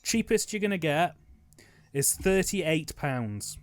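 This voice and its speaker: A man co-hosts a casual film commentary with a bouncy, animated voice that rides a little high. He drops playful deadpan quips and laughs often. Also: slow pace. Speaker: co-host.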